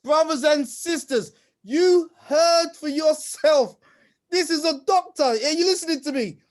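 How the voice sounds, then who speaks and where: A woman's voice: sits high, measured pace. A woman hosting a panel, rousing the audience and addressing them directly. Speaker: host.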